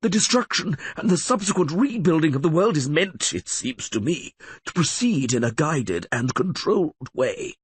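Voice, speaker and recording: Sardonic sick lawyer, storybook villain type, sneering and shrewd, voiced by a male narrator; husky, lively swings. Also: fairly high pitch, moderate pace, hardly any pauses, dry recording. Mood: scornful. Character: scheming sickly male lawyer, sardonic and cunning.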